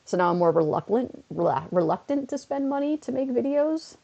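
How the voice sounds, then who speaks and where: A young woman streams from indoors at home, chatting casually while playing a phone game and rambling from topic to topic, feeling a bit under the weather. Her voice is a little high, animated, and brisk with a dark tone, picked up by a dull lo-fi mic.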